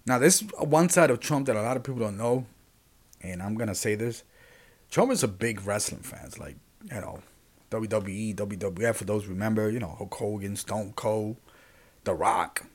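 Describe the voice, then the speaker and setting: Rambling, animated male podcast host. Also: on the low side, moderate pace. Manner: rambling and animated, with frequent restarts and asides to listeners. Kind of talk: casual monologue podcast.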